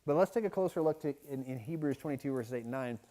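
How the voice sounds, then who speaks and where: A man preaching a midweek Bible study sermon, teaching in a conversational way that is often broken by restarts and quick "right?" checks. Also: mid-range voice, mellow. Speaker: pastor. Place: church.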